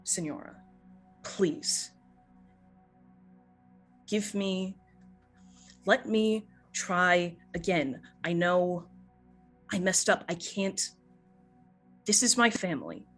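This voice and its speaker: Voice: mid-range voice, very slow, pauses often, a bit bright, soft background music. A narrator doing a desperate, pleading father. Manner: pleading, strained. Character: desperate father begging for another chance.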